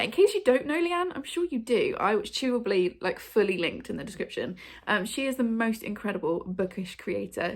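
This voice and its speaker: A woman, hosting a book video and chatting to camera at home in front of her shelves. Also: mid-range voice. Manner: chatty, bubbly, many ums and likes. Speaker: booktube host. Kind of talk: casual chat to camera.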